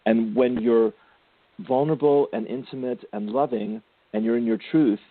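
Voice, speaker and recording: A man hosting a spiritual radio show, gently counseling a caller and calling her darling and sweetie. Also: mid-range voice, fairly even intonation, normal speed. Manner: gentle, affectionate, calls listeners darling and sweetie. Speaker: spiritual intuitive radio host. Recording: tinny phone-line sound, dry.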